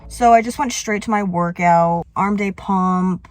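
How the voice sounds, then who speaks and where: A woman's voice: medium pitch, unhurried, hardly any pauses. Chatty young woman vlogging. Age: young adult. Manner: animated and outspoken; chatty and self-joking. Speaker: student vlogger. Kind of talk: casual vlog to camera.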